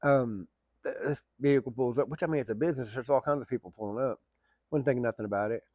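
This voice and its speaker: A man's voice: medium pitch, quick pace, warm tone, no room sound, studio quality. A middle-aged man telling a long story in a rambling, colloquial, folksy way. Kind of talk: casual spoken storytelling.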